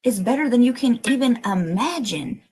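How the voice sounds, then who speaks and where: A woman's voice: on the high side, expressive, moderate pace, a little mellow, breathy edge, poor audio. A woman giving a livestreamed collective tarot reading, emotional and emphatic, urging listeners on and swearing casually. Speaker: tarot reader.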